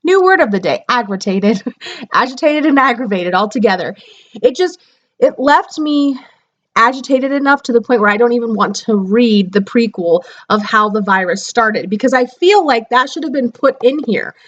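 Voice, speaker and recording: A woman's voice: on the high side, expressive, moderate pace, a bit bright, highs cut off. A young woman giving a casual spoken book review, rambling and exasperated as she talks through what frustrated her.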